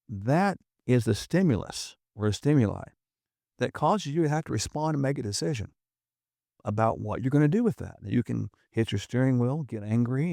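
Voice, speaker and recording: A man's voice: mid-range voice, gravelly, warm tone, dry recording, clean studio sound. A middle-aged man, a doctor and podcast guest, explaining in an emphatic, earnest and persuasive way. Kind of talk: conversational explaining.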